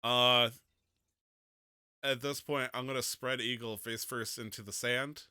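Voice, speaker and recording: A man playing a tabletop game, his voice very bright and smooth with a close, dry sound. He talks playfully, laughing often and breaking into shouted lines for his character. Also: medium pitch, steady tone, a little slow, dry recording. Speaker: player.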